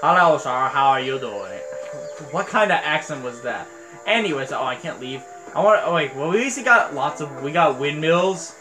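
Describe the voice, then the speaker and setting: A man giving casual, rambling and excitable commentary on a game he is playing. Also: on the high side, normal speed. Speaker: let's play host. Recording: voice over game music.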